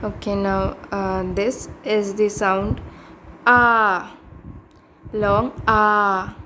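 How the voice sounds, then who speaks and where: A woman with an Indian English accent teaching pronunciation, saying example words slowly and repeating them, with many fillers. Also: mid-range voice, flat delivery, bright, forceful tone, slight background noise. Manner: slow, deliberate, repeats each word, many fillers. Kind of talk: slow phonetics lesson with example words.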